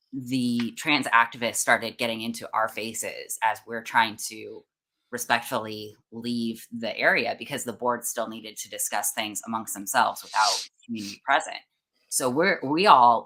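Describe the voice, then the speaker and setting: A young woman with a very low but bright, forward-placed voice tells her stories in a casual, chatty way. She laughs often and slips into mocking imitations of other people. The tone stays conversational and talkative throughout. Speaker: host.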